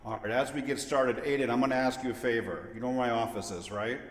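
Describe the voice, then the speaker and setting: A man's voice: mid-range voice, steady tone, fast talker. Chatty man leading a service, echoey hall. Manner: playful, joking, chatty. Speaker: service leader. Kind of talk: informal welcome at a service. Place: large sanctuary. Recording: echoey hall with long reverb.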